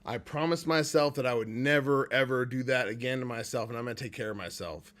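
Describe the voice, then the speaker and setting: A man's voice: medium pitch, a bit bright. Emotional man sharing a candid recovery story. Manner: heartfelt and candid, at times choked up with pauses and sighs. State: emotional, near tears. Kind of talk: emotional personal livestream talk.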